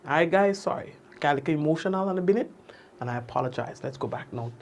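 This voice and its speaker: A man's voice: on the high side, fast, slight background noise. Grenadian man casually reading the news. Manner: relaxed, with asides and fillers. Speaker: news show host.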